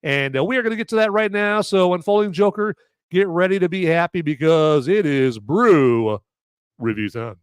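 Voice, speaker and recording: A man's voice: high-pitched, lively intonation, moderate pace, smooth. A man with a sore throat hosting a casual live show, rambling and joking with lots of fillers and restarts. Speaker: podcast host reviewing beer. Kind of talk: casual live-stream chat.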